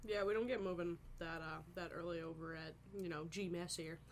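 A woman in casual chat, cracking crude jokes with quick comebacks. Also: fairly low pitch, fairly even intonation, slight background noise.

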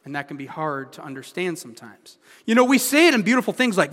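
A man's voice: fairly high pitch, very animated, fast, hardly any pauses, a bit bright. A man in his thirties preaching a sermon as pastor, conversational and full of rhetorical questions. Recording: long hall reverb.

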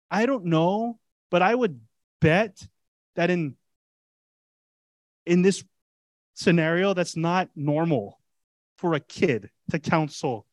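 A male pastor delivering an animated, conversational sermon, pressing his listeners with rhetorical questions. His voice sits a bit high and sounds dry and close, with little room echo.

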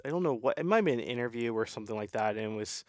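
A man co-hosting a podcast, telling stories in a halting way with laughs. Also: mid-range voice, expressive, no room sound, clean studio sound. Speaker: podcast co-host. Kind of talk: casual podcast banter.

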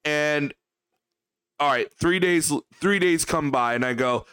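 A man's voice: fairly high pitch, slow pace, fairly bright tone, smooth, no room sound. A man ranting on his livestream, profane, heated and repetitive as he talks to his chat. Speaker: streamer.

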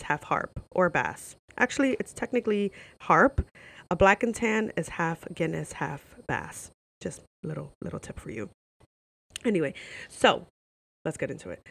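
Young American woman vlogger, casual and animated storyteller, curses freely. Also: lowish voice, normal speed. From United States. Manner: animated, swearing, lots of "like" fillers. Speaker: vlogger telling a travel story.

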